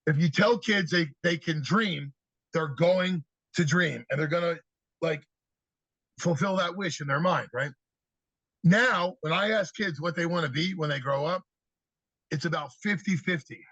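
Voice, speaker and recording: A man with a fairly high, husky voice tells stories on a podcast, acting out the children he talks to. The sound is dry and a little dull, like a simple podcast setup. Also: measured pace, no echo. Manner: animated storyteller, acts out kids' answers. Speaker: podcast guest, youth speaker. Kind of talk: storytelling interview talk.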